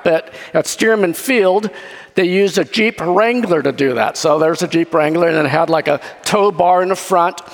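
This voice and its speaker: A male pastor with a notably high voice preaches, spinning a story with lively, acted-out turns. His voice rings through a hall with a long reverb tail. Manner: lively storytelling, acts out scenes. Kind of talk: sermon.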